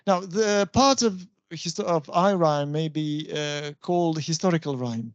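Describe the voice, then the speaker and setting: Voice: medium pitch, unhurried, few pauses, dry recording, muffled recording. A university lecturer teaching an English stylistics class, explaining step by step and often checking that the students follow.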